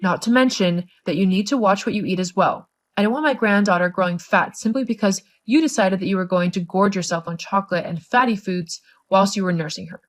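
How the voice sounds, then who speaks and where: A condescending older mother-in-law who nags and belittles, read by a woman. Her voice sits at a middle pitch and she lectures in a steady scripted delivery. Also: brisk, hardly any pauses, lightly acted. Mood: scolding. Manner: condescending, nagging. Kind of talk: scripted story narration.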